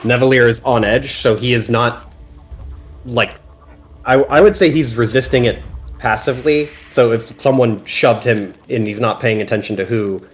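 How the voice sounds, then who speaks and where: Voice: mid-range voice, normal speed. A player in a tabletop game, stammering at the start of sentences while reasoning out a ruling. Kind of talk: casual game chat.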